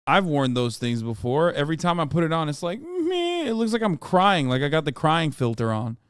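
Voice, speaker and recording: A man streaming, reacting to a video in a profane, animated riff. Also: a little high, fairly quick, smooth, dry recording, clean studio sound.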